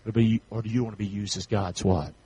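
A pastor, preaching a sermon in call-and-response, building up to rapid repeated shouted questions. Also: male voice, lowish voice, fairly even intonation, husky.

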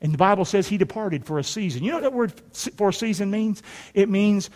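In a church sanctuary with long hall reverb, a middle-aged male pastor preaches a folksy, emphatic sermon. His voice is high, a little mellow and fast, and he draws the congregation into call and response.

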